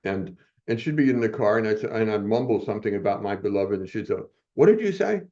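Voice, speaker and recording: A man's voice: on the low side, fairly even intonation, fast, a little mellow. An older man as a podcast guest, telling a rambling personal story with frequent chuckles and restarts. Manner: rambling, chuckles often, self-correcting. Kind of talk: storytelling in a casual interview. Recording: muffled, dull audio.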